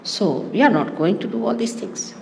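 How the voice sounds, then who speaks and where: A woman giving a spiritual talk to her followers in an animated, teasing way, often laughing. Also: a little high, moderate pace, vocal fry, in a large hall, slight background noise. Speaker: spiritual teacher.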